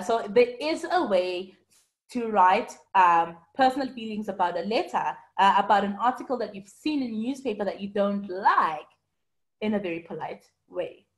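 Female teacher, online class, patient and explanatory, calls on students by name. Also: medium pitch. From South Africa. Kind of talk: online lesson reading student comments.

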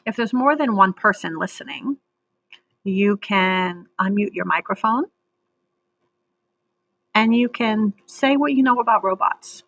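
A woman teacher reads a children's book aloud for an online class, slow and patient, drawing out words syllable by syllable. Her voice is medium in pitch with a gravelly, slightly husky edge. The sound is close and dry, with no room echo. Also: fairly bright tone. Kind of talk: read-aloud reading lesson for children.

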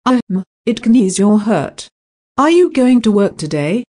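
A woman reading simple scripted practice dialogues in a slow, even textbook delivery. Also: medium pitch. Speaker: dialogue reader for English practice.

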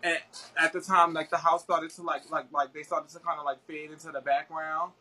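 A woman's voice: low-pitched, little pitch movement, a little fast, bright, forceful tone, low-quality recording. A young woman guest talking about her experiences in casual, slangy, profane chat, full of fillers.

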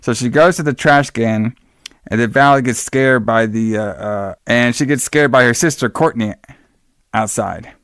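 A man's voice: mid-range voice, moderate pace, fairly bright tone, no echo, studio quality. A man hosting a podcast alone, recapping a film in a loose, profane way with lots of fillers. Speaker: podcast host. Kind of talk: casual movie recap.

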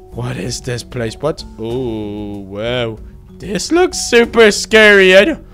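A man voicing a timid, excitable young male baby duck in a game role-play, gasping and easily frightened. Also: on the high side, full character voice. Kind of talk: Minecraft role-play narration.

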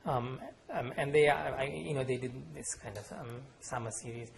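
A man from Sri Lanka, an author reading his fiction aloud in measured narration, then chatting with fillers between pieces. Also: mid-range voice, gravelly, a crowd in the background. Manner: measured narration, halting fillers when talking freely. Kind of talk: public reading and talk. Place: lecture room.

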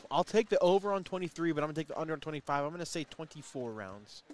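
A man's voice: fairly high pitch, expressive. A man doing casual, joking commentary on a cornhole match while he has the hiccups. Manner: chatty, joking, quick asides about the play. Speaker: play-by-play commentator.

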